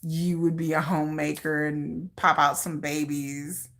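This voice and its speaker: A woman hosting a livestream in casual chat, rambling and animated and laughing often. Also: deep voice, a little slow. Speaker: livestream host.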